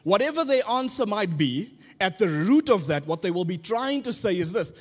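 A man's voice: high voice, very animated, moderate pace, hardly any pauses, breathy edge. A man, a pastor giving a conversational sermon full of rhetorical questions and light humor. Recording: long church hall reverb.

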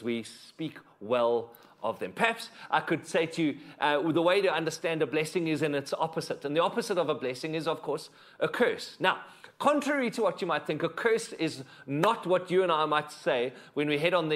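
A man preaching a sermon as a pastor, moving between emphatic points and hushed, intimate passages. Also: a little high.

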